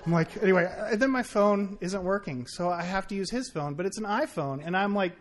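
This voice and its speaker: A man telling a rambling, animated personal story at a faith gathering, full of fillers and restarts. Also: sits high, fairly quick. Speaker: friend sharing a story.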